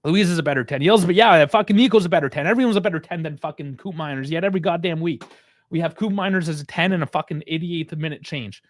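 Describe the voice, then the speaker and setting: Furious swearing fan commentating live. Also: male voice, fairly high pitch, fast. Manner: angry, frustrated, heavy swearing.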